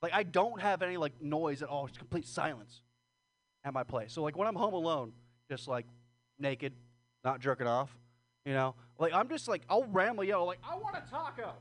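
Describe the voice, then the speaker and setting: Speaking at normal speed in a fairly high, expressive and fairly bright voice, this man does stand-up on a small stage. The comedian rambles through crude, self-deprecating material and laughs nervously between jokes.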